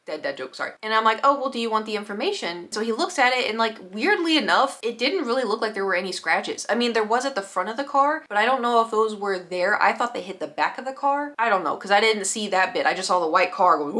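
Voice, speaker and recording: A young woman telling a storytime vlog, animated, acting out other people's lines in quick quoted voices. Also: medium pitch. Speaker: vlogger. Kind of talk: casual storytime.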